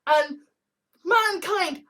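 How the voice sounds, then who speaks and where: A man's voice: very high voice, very slow, sharp tone. Young man, video monologue, rambling and sweary, bursts of exasperation. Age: young adult. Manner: rambling, frequent swearing, sudden exasperated outbursts. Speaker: video essayist. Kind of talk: casual monologue.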